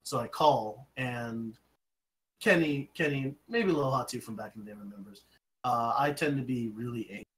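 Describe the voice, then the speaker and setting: A man's voice: medium pitch, normal speed, poor audio. A young man co-hosting a podcast, telling long profane stories in casual chat. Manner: profane rambling storyteller. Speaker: podcast co-host.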